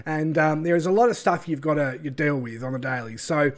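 A channel host delivers a ranting commentary video in a fairly high voice, sarcastic and scornful, packed with fillers and asides. His tone stays steady and his pace runs a little fast.

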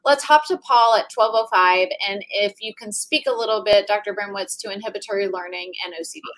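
A woman's voice: medium pitch, fairly quick, fairly bright tone. A woman moderating an online panel, upbeat and affirming as she reads out audience questions.

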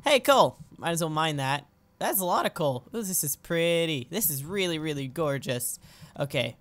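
Young let's player, bright edgy tone, goofy and hyper, yelps at every little thing. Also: medium pitch, normal speed, dry recording. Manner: excitable and goofy, with sudden squeals and exclamations. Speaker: let's play host. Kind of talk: casual gameplay commentary.

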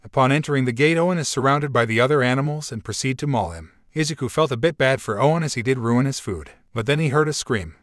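A man narrating a fanfiction story aloud in a flat, even reading. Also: mid-range voice, fast, few pauses, dry recording, studio quality.

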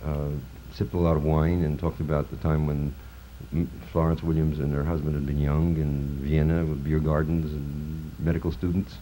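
Poet in his 50s from New Jersey, deep and dark-toned, chanting verse and musing between poems, old film transfer with light hiss. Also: level tone, rough recording. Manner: chanting, rising incantatory delivery in poems, halting with fillers between. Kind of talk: poetry reading with spoken introductions. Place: college lecture hall. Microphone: film recording from the stage.

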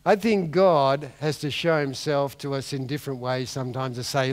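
A man's voice: medium pitch, steady tone, moderate pace. A man preaching a sermon, telling a Bible story with comic energy and acting out the characters. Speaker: pastor. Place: large church hall. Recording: long hall reverb.

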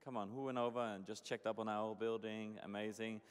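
A man in his forties, a pastor from Denmark, preaching and praying in a casual, excitable way with lots of fillers and restarts. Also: fairly low pitch, fairly quick, clear, resonant tone. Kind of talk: sermon with prayer and storytelling. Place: church hall. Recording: echoey hall.

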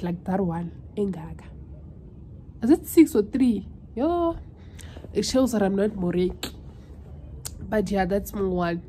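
A woman's voice: medium pitch, mellow, a little hiss or hum. A South African woman in her twenties chatting casually in a vlog, emotional and switching languages mid-sentence. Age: 20s. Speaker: vlogger.

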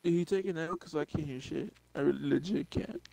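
A man's voice: a little high, fairly quick, vocal fry, mellow, rough recording. A young man hosting a casual stream with friends, laid-back and laughing, swearing casually.

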